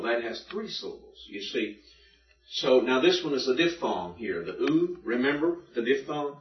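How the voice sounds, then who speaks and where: A man's voice: medium pitch, lively intonation, moderate pace. Man, classroom lecture, methodical, repetitive, distant, roomy. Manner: patient, methodical, repeats and drills. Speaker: teacher. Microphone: room recording from a distance. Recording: distant echoey classroom recording, dull lo-fi.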